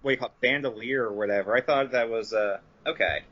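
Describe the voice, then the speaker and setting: Dude guesting on a comic podcast, chatty little asides, muffled lo-fi audio. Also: male voice, medium pitch. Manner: chatty, jumps in with quick asides. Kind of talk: casual comic book podcast chat. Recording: dull lo-fi audio.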